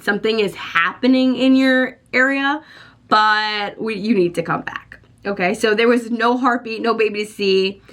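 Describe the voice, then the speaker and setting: Chatty thirty-something woman vlogging, animated, laughs a lot, mid pitch. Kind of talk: casual pregnancy vlog chat.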